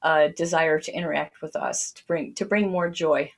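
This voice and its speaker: A woman with a somewhat low voice speaks to a group. She reads her prose slowly and lyrically. Then she talks about spiritual matters in an easy, enthusiastic storytelling way. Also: steady tone, gravelly. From United States. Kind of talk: reading lyrical prose, then casual talk.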